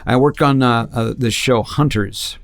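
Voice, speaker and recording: Gravelly-voiced man telling lively stories. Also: medium pitch, a little slow. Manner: animated, jumps into quoted voices. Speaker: guest impressionist and actor. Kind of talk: casual interview storytelling.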